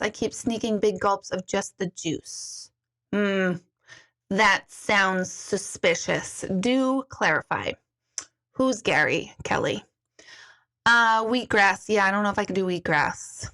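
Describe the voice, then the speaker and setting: A woman with a fairly high, bright and forceful voice hosts an intuitive live chat. Chatty and quick to laugh, she tells stories and reads viewers' comments aloud.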